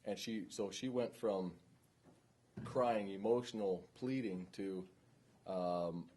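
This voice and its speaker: Low, husky-voiced man lecturing trainees. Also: takes it slowly, mellow. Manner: informal, checks in often with "okay?" and "right?". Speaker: police training instructor. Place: classroom.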